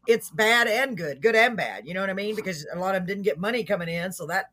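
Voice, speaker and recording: A woman with a Texan accent co-hosting a casual chat over a video call, chatty and quick to laugh. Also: medium pitch. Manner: laughs often, chatty and excitable. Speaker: podcast co-host.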